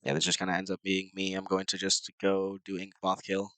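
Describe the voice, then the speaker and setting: A low-voiced man with a nasal, slightly sick sound, commentating his own card game matches. He rambles casually and unsurely, leaning on fillers. The recording is close and completely dry, with no room in it. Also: completely flat delivery, brisk, a bit bright, no room sound, low-quality recording. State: a little sick.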